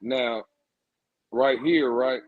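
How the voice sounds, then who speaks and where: A man's voice: mid-range voice, extremely slow, dry recording, narrow, tinny audio. A man co-hosting a live-streamed football show, speaking bluntly and with dry humor. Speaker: podcast co-host. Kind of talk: casual live-stream chat.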